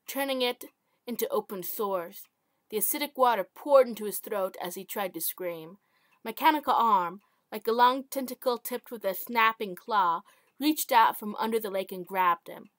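A woman's voice: mid-range voice, a bit bright, dry recording. Woman reading her own story, stumbling. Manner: stumbles over her own typing, self-correcting. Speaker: amateur author.

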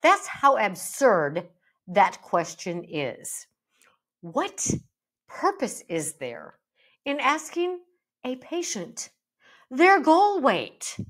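A middle-aged woman hosting a solo podcast, speaking emphatically with a playful, animated delivery. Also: mid-range voice, drawn-out words. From United States. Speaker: podcast host and bariatric psychologist.

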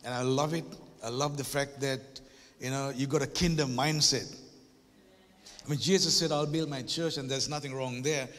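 A man's voice: mid-range voice, fairly even intonation, normal speed, fairly bright tone. A man giving a conversational church workshop talk, joking with the audience and building to emphatic preacher-like points with frequent tag questions. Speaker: guest workshop speaker at a church. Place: church auditorium. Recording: reverberant church hall.

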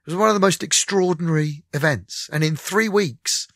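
Guy on the radio, a bit high voiced, dry close sound, chatty and candid. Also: moderate pace, no echo. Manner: animated, candid storyteller who acts out conversations. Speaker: musician guest. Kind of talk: radio interview storytelling.

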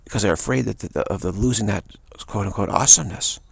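Man, low gravelly voice, husky, rambling indignant storyteller, dry close sound. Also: quick pace, no echo. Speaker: spiritual channel host. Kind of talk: casual spoken anecdote.

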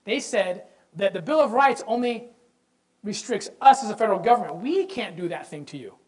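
A man giving an impassioned lecture on religious history. He speaks emphatically, asks the audience rhetorical questions and repeats words when he gets excited. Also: high voice, fairly quick, low-quality recording. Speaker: presenter.

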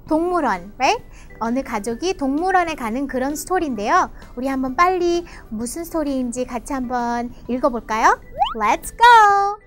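Lively, high-pitched woman teacher. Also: very fast, soft background music. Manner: enthusiastic, gasps often, explains in Korean. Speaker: English teacher reading a picture book. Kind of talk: bilingual storybook lesson for children.

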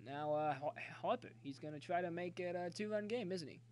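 High-voiced excitable male game streamer. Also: a little fast, a little hiss or hum. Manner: excitable, cheers and yells at the game; talkative, jokey banter with viewers. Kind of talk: live gameplay commentary.

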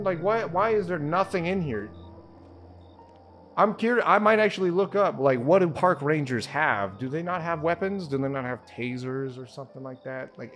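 A young man giving jokey, jumpy commentary while playing a horror game, swearing and talking to himself. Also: on the high side. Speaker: let's play host. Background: game music.

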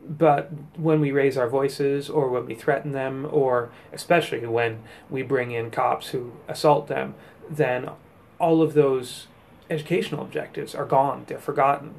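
A man's voice: medium pitch, steady tone, unhurried, vocal fry, darkish tone, a little hiss or hum. A man and teacher giving an explanatory talk, reasoning step by step through classroom examples. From United States.

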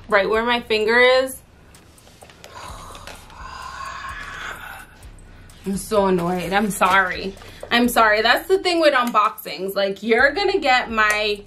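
A young woman talks through an unboxing in an unhurried, drawn-out way, with an exasperated, chatty manner full of "like" and "um". A faint hiss sits under her voice, with occasional clicks of handling. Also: mid-range voice, fairly bright tone. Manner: chatty, exasperated, filler-heavy. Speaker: fashion vlogger. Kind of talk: casual unboxing chat.

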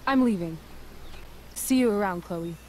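A woman's voice: medium pitch, measured pace, warm tone, a little hiss or hum, close to an everyday voice. An actress voicing a guarded, popular teenage girl in a video game, speaking in a cool, restrained way.

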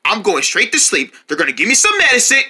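A voice actor playing a bratty, hot-tempered cartoon boy who stammers and yells when flustered. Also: wildly swooping pitch, breathy edge, exaggerated voice. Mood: explaining. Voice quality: high, stammering, shouty. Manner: exasperated and quick to yell. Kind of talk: cartoon voice acting.

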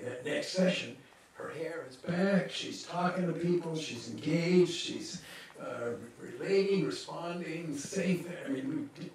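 A man giving a seminar lecture, telling a case story and voicing the people in it with hesitant restarts. His voice sits at an ordinary pitch for a man. It comes from a distance in a very echoey hall over a faint hiss. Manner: lively storyteller who acts out the people he quotes. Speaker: psychologist leading a seminar.

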